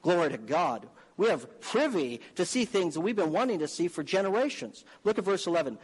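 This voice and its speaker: A man preaching a sermon with a high, ringing voice that climbs into fervent, emphatic calls. His words trail off into a long reverberating space, as if spoken in a large sanctuary. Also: lively intonation, a little fast, hardly any pauses. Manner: emphatic, rising to fervent exhortation.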